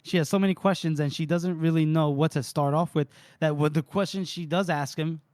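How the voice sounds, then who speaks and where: A man's voice: on the high side, fairly even intonation, a little fast, darkish tone, no echo. A man co-hosting a podcast, casually retelling book chapters and quoting the characters' lines with frequent laughter. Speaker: podcast co-host recapping chapters. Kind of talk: casual book recap chat.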